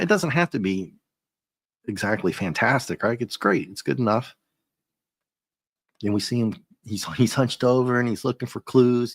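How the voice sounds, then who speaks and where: A man in a casual comic review, relaxed, paraphrasing panels with chuckles. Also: medium pitch, creaky, dry recording, clean studio sound. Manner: laid-back, paraphrases dialogue with chuckles.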